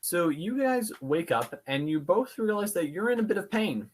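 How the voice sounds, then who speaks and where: A man's voice: high voice, lively intonation, moderate pace, a little hiss or hum. A man running a tabletop game as game master, describing scenes with some hesitant fillers.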